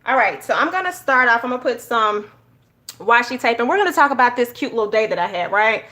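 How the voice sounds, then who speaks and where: A woman telling stories in a casual, animated way while she decorates her journal. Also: on the high side, fast talker. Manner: animated storytelling, addresses viewers as y'all. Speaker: journaling YouTuber.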